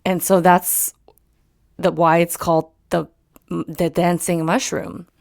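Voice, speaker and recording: Interview guest, young woman raised in Japan, low-set voice, chatty and animated. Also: takes it slowly, vocal fry. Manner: animated storytelling with fillers. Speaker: musician guest. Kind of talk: casual interview chat.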